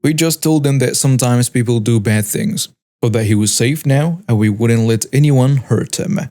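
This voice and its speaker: A man narrating a first-person story in a steady, even storytelling delivery. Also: mid-range voice, moderate pace.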